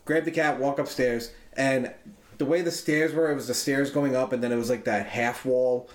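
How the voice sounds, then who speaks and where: A man's voice: medium pitch, fairly even intonation, normal speed. A man telling a long, rambling story to friends in casual chat, swearing freely and loosely. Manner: profane, rambling, loose and chatty. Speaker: podcast co-host. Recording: roomy echo.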